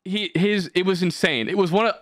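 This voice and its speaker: A man's voice: high-pitched, a little fast, no room sound, clean studio sound. A young man hosting a casual podcast, rambling and swearing as he tells stories. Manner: animated, swearing, rambling storytelling. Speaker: podcast host.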